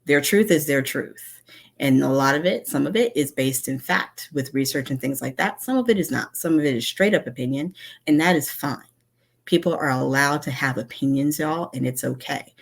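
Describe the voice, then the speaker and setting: Very low-voiced woman speaker. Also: normal speed, vocal fry. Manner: candid, conversational, personal storytelling. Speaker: conference speaker, instructional designer. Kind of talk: online conference talk. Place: home.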